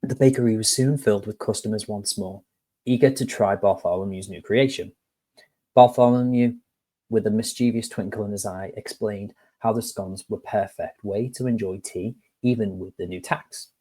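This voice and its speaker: A man's voice: lowish voice, normal speed, dark tone. A man, an HR course tutor who talks to viewers in a chatty, direct way and reads a storybook tale. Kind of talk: casual lesson with storytelling.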